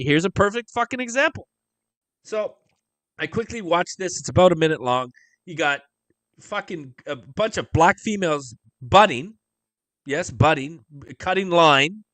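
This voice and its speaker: A man hosting a live stream, ranting over clips with heavy swearing and rhetorical questions. His pitch sits a little high and swings widely. The tone is bright and cutting, and the recording is dry and close. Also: no room sound. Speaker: livestream host.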